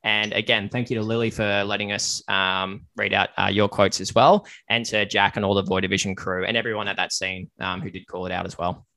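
A man's voice: lowish voice, flat delivery, fairly quick, vocal fry, few pauses, pushed and bright, no room sound. A man hosting a casual podcast chat, earnest on serious points and joking with his guests. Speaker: podcast host.

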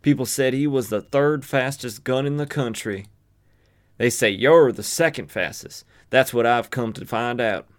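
A man's voice: medium pitch, measured pace, lightly acted. A man reading the lines of a confident female gunslinger in a cool, challenging manner.

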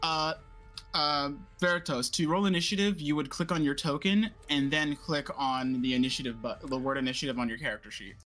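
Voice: medium pitch, a little fast, fairly bright tone. A game master narrates a tavern brawl for players in an online tabletop game, stopping for fillers as the scene builds. Faint music runs underneath.

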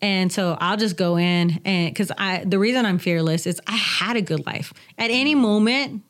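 Chatty woman telling animated stories. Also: medium pitch, normal speed. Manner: animated, chatty, laughs often. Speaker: podcast guest, hat business owner. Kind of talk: casual interview storytelling.

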